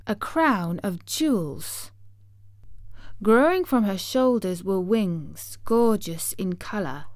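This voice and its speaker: Woman storybook narrator, slow measured pace, gentle telling, dry close sound. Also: medium pitch, no room sound. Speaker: audiobook narrator.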